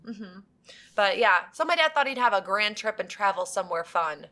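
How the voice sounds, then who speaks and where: A woman's voice: medium pitch, animated, normal speed, sharp tone. Chatty young woman telling a story. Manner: chatty storyteller who acts out quoted people and laughs often. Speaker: podcast co-host. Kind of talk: casual chat.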